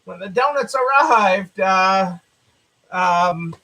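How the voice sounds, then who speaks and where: A man with a Southern American accent chats casually as host of a live stream. His voice sits very high and sounds bright and forceful. He rambles, circles back to repeat phrases, and fills pauses with uhs. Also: rough recording.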